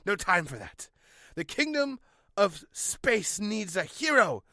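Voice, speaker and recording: A man's voice: very high voice, measured pace, sharp tone, no room sound, studio quality, pitched above the performer's own voice, exaggerated voice. A man voicing a grand old male space wizard in a robe, in a comic homemade story. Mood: rousing.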